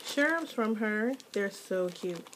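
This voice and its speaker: A mother filming a casual unboxing vlog at home, gushing and excitable, her voice jumping to squeals when she is thrilled. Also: mid-range voice, slow, background noise. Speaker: mother and hobby vlogger. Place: home with children nearby.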